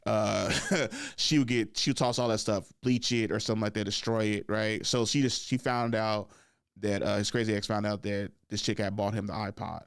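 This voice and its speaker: A man's voice: on the low side, steady tone, normal speed, creaky, clear, resonant tone, no room sound, studio quality. A man in his thirties hosting a podcast, telling a story casually with frequent laughs and "like" and "right?" fillers. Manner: laughs often, fills with "like" and "right?". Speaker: podcast host.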